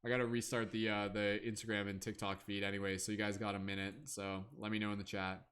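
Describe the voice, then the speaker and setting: A man hosting a livestream chats casually and playfully with his viewers, humming and scatting filler sounds while he waits. He talks fast in a lowish, level, slightly bright voice.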